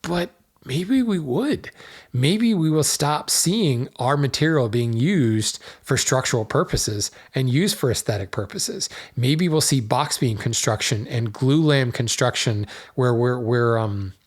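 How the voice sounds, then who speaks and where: A man's voice: mid-range voice, lively intonation, a little slow, few pauses. Chatty man talking about lumber. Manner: conversational, many fillers and restarts. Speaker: podcast host; hardwood dealer. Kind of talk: casual solo talk.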